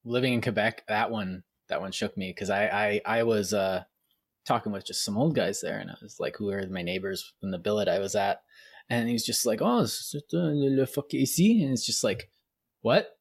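A Canadian man in casual chat, telling animated stories, acting out quoted voices and laughing often. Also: on the low side, brisk, dry recording.

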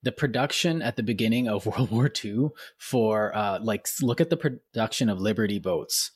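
A Canadian man in casual chat, telling animated stories, acting out quoted voices and laughing often. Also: on the low side, normal speed, husky, no echo.

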